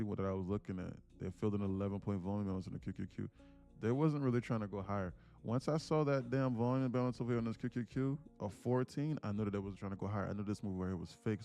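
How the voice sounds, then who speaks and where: Blunt low-voiced man coaching traders. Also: mellow. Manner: blunt, informal, coaching viewers directly. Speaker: day-trading livestream host. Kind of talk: live trading commentary and coaching.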